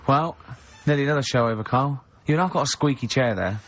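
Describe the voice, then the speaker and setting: A man's voice: medium pitch, fast, fairly bright tone, highs cut off. A man with an English accent hosting a radio show, teasing his co-hosts and telling stories in casual banter. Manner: teasing, laughs often, acts out other people's voices in stories. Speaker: radio host.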